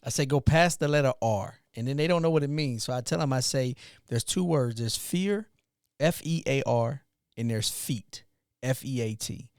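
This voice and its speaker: A man with a mid-range voice tells a long story on a podcast, animated and rambling, often restarting his sentences. The sound is dry and close. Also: mid-range voice, normal speed, no echo. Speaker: podcast co-host, father, youth mentor. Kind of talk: casual storytelling.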